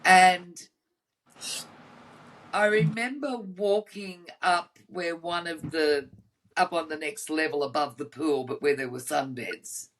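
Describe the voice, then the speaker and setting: Chatting casually over a video call, an Australian podcast co-host spins blunt, cheeky stories as a talkative storyteller. She speaks slowly in a low voice, and the audio quality is poor.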